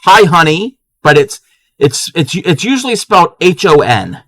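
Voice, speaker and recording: A man's voice: on the high side, very animated, normal speed, dry recording. A man hosting a casual live crafting stream, chatting playfully with viewers and laughing often.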